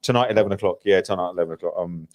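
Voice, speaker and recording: A man's voice: low voice, racing. An English man co-hosting a casual live chat, joking and playful. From England. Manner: jokey, playful, lively. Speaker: co-host. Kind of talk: casual banter.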